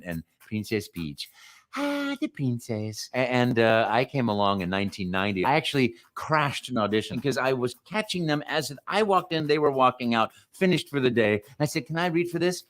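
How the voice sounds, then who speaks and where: A middle-aged man, a voice actor, telling stories in an interview and acting out the quotes. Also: mid-range voice. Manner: animated, acts out quotes. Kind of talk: interview storytelling.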